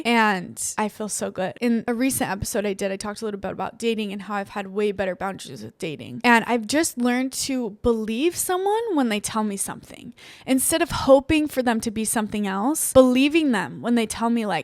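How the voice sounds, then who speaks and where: A young woman from the United States, a podcast host talking candidly about her own life in a chatty way, full of "like" and quick laughs. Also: fairly high pitch, dry recording, clean studio sound. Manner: chatty, heavy use of "like", frequent laughs. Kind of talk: candid personal monologue.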